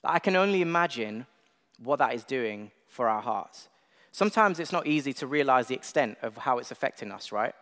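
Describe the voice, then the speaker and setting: A man's voice: mid-range voice, lively intonation, fairly quick, a bit bright. Chatty young man preaching in a hall. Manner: conversational, self-deprecating, with filler words. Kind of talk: sermon. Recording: long reverb of a large hall.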